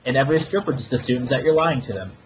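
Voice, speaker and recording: A man of mid pitch rambles through a story with crude, sarcastic asides. The audio is dull and lo-fi with a faint hiss under it. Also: lively intonation, fast talker. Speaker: podcast co-host. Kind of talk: casual ranting storytelling.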